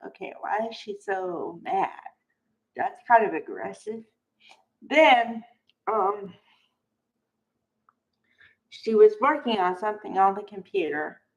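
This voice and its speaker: A woman's voice: on the high side, low-quality recording. A woman recapping a soap opera in a casual, chatty way, acting out quotes and stopping often with "okay". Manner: chatty, acts out quotes, many okays and asides.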